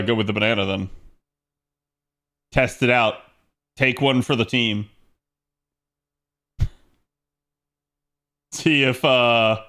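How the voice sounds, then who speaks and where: A man's voice: medium pitch, sharp tone, clear, resonant tone. A man streaming a game, chatting casually with his viewers and laughing often as he plays. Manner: chatty, laughs often, talks to chat while playing. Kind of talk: casual gaming stream chat.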